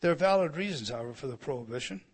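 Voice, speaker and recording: A man preaching a sermon, restarting his words and asking the audience questions, rising to loud, emphatic proclamation. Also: a little high, lively intonation, racing, breathy edge.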